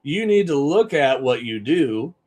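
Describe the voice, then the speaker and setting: Business coach guy on a live stream, bit of a higher voice, hammers points home. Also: big pitch swings, measured pace, darkish tone. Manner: emphatic, repetitive, conversational.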